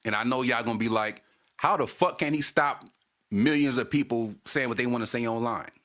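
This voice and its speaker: A man's voice: medium pitch, fairly quick, a bit bright. Casting note: a male stream host in a heated, profane casual rant, repeating his points. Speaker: channel host.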